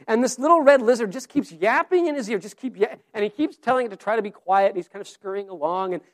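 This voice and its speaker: A man's voice: sits high, animated, fast talker. A man preaching a sermon, earnest and story-driven, often repeating his words as he goes. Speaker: pastor.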